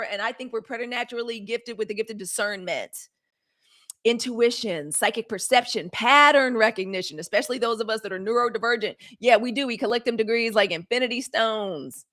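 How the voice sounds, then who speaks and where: A woman hosting a live news stream, talking straight to her viewers in a sassy, animated way. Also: on the high side, moderate pace. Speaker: host of a daily live news show. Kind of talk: casual live-stream commentary.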